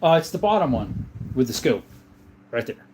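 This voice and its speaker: A man's voice: mid-range voice, normal speed. Laid-back man hosting a livestream. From Southern Arizona. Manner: relaxed, reads viewer comments aloud and answers them. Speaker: livestream host. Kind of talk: casual livestream chat.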